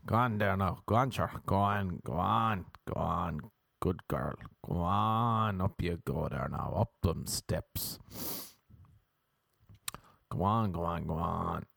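A man's voice: low voice, slow pace, gravelly, a bit bright, no room sound, studio quality, heavily acted. A man with an Irish accent playing a fumbling Irish man who coaxes and flusters, repeating himself. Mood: coaxing. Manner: coaxing, flustered, repetitive. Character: fumbling Irish man coaxing a partner in bed.

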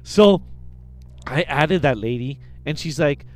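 A man in casual chat, joking as he tells a story and acts out the people in it. His voice is high and rings clear and smooth. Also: animated, slow pace, no echo. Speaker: podcast co-host.

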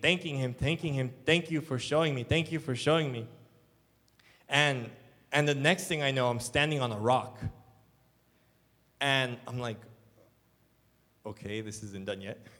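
A man's voice: mid-range voice, sharp tone. A man, a church elder, preaching a sermon in an earnest, rambling storytelling way with many fillers. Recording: long hall reverb.

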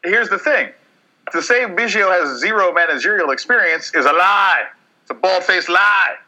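A man's voice: sits high, animated, normal speed, sharp tone, poor audio. A man hosting casual sports talk on the radio, loose and joking, swearing with lots of fillers.

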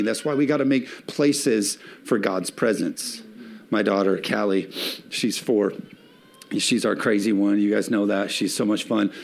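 A male pastor preaching a sermon with emphatic swells and slowed, stressed phrases, a father of young children. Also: lowish voice, vocal fry.

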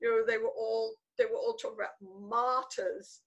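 Older Englishwoman, interview guest, slightly high voice, emphatic and repetitive for effect. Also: normal speed, muffled recording. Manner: animated, emphatic, repeats words for stress. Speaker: guest author. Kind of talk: conversational interview storytelling.

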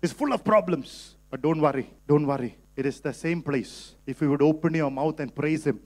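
A male pastor delivers a church sermon in a fairly high voice. He swings between hushed, earnest pleading and sudden loud shouts. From India. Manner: preaching with sudden shouts and shifts in loudness.

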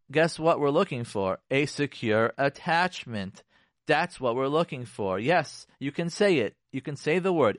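On a radio show, a middle-aged man talks animatedly about relationships, reading material aloud and commenting on it, in a fairly high, fairly bright voice. He's emphatic, repeats phrases for stress and keeps putting questions to the listener. The sound is close and dry, with no room sound.

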